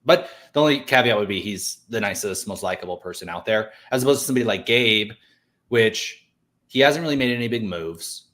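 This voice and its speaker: A man co-hosting a casual talk show, rambling and halting as he talks. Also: fairly low pitch, expressive, a bit bright. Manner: rambling, halting, many fillers. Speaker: podcast co-host. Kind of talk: casual chat.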